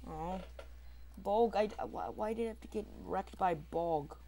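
A man chatting his way through a match in an unhurried, drawn-out way, a goofy gamer who laughs at his own mistakes. He breaks into high, squeaky shooting noises and keeps up rambling asides to his viewers. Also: gravelly, warm tone. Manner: goofy, mouths shooting sound effects in squeaky bursts. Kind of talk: casual gameplay commentary.

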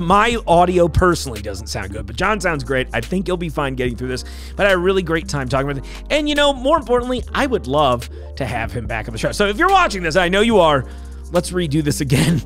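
A man's voice: fairly high pitch, a bit bright. A male podcast host giving a chatty, apologetic solo intro full of rambling asides.

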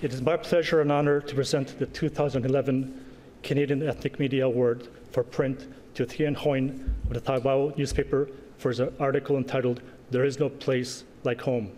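A man presenting an award at a gala, speaking earnestly with pauses and small asides. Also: mid-range voice, flat delivery, a little mellow. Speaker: award presenter, organization president. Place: large banquet hall. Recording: echoey banquet hall with faint noise.

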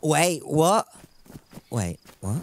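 A man's voice: fairly high pitch, very animated, drawn-out words. Chatty man streaming a game. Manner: rambling, jokey, chatty with viewers. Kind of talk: casual gameplay commentary.

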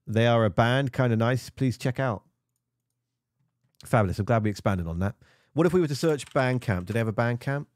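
A man's voice: medium pitch, fairly quick, a little mellow, dry recording, clean studio sound. A man reviewing music videos in casual screen-share commentary, rambling and poking fun at himself. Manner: rambling and self-mocking.

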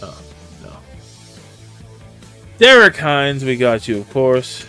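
A man's voice: medium pitch, big pitch swings, slow pace, bright, forceful tone, clean tone, faint music behind. A man streaming a game live, chatting casually and greeting viewers by name as he plays. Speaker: gaming streamer. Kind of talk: live gameplay commentary.

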